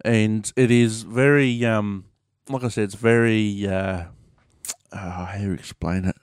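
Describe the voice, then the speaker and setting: Unhurried and steady, a fairly low-pitched male voice with a clean tone carries this laid-back Australian vlogger's chat to his audience. He rambles along, slangy and full of fillers. Studio-quality recording, no echo.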